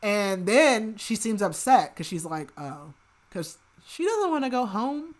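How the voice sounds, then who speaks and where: A woman hosting a podcast, recapping a book in casual chat, rambling with lots of filler "like" and dropping into soft murmured asides. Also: mid-range voice, sing-song, unhurried. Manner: rambling, heavy use of filler "like", chatty asides; laughs at her own remarks, drops to soft murmured asides. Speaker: podcast host.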